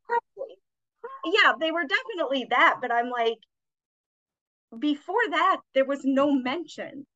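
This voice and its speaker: A woman's voice: high voice, animated, a little slow, sharp tone, muffled recording. A woman co-hosting a podcast, chatting and giggling about a movie with blunt opinions. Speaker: podcast co-host. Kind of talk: casual movie review chat.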